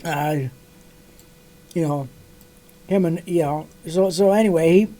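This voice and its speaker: A man's voice: on the high side, slow pace, dark tone. A man hosting a livestream, telling a rambling anecdote casually, swearing freely and restarting sentences. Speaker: livestream host. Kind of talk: casual storytelling.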